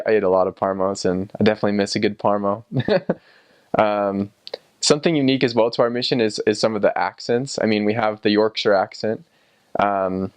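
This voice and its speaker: A young man talks in an easygoing, meandering way, with a lot of ums and false starts. His voice sits a little low, and the recording is dry and close, with no room sound. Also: no room sound. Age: young adult. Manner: relaxed and rambling, many ums and restarts, chuckles often. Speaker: returned missionary. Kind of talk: casual personal recollection.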